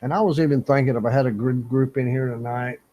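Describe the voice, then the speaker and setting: A man's voice: medium pitch, fairly even intonation, fast, mellow, lo-fi sound. An older man from Louisiana, chatting casually with viewers on a fishing live stream and laughing often. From Louisiana, USA. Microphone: small camera-top microphone.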